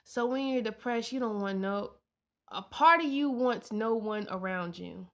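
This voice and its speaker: A woman's voice: fairly high pitch, measured pace, fairly bright tone. Earnest woman vlogger, dull lo-fi sound. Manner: earnest, heartfelt, repeats lines for emphasis. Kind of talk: personal vlog talk.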